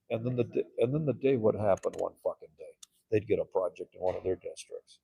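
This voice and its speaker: A man with a lowish, husky voice and vocal fry talks briskly as an interview guest. His candid talk rambles and turns profane and animated, and he acts out the people in his stories.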